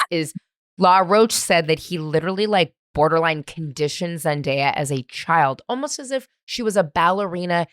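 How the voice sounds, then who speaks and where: A woman with a low, smooth, resonant voice hosts a podcast in easy, rambling chat. She swears casually. Her voice is recorded close and dry with no room sound. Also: a bit bright, no echo. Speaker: podcast host.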